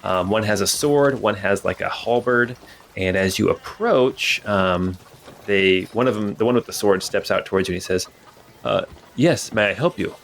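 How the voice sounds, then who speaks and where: A man's voice: on the low side, normal speed, fairly bright tone, a little hiss or hum. A man narrating a tabletop game as game master in a casual, rambling way with many fillers.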